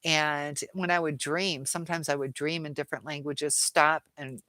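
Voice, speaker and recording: A woman hosting a casual live chat, reading out viewer comments, chatty and quick to laugh. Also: low-pitched, fairly even intonation, pushed and bright, no echo.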